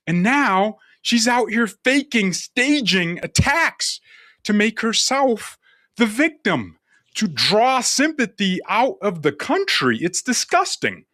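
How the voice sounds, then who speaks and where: Male commentary host, mocking and theatrical, bright dry voice. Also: high-pitched, sing-song, slow pace, dry recording. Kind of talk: sarcastic political commentary.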